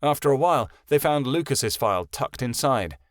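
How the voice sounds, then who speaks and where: A man narrating a fantasy audiobook in a steady storytelling voice. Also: medium pitch, normal speed, dry recording, studio quality. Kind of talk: scripted narration.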